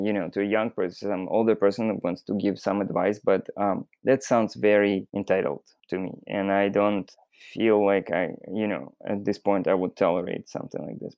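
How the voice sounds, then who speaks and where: A young man with a Russian accent tells his story in an earnest, emphatic way. His voice sits low, and his speech is sprinkled with fillers. The recording is dry and close, with no room sound. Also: darkish tone, no room sound. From Russian-speaking country. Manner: earnest, emphatic, with frequent "you know" fillers. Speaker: interview guest, former waiter. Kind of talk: candid conversational interview.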